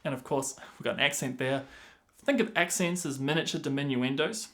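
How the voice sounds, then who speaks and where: A man gives a clarinet lesson in a patient, step-by-step way. His voice sits at a middle pitch, and he counts beats and sings syllables aloud to show the rhythm. Clarinet phrases are heard between his explanations. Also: brisk, music in the background. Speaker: clarinet teacher. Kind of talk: instructional explanation.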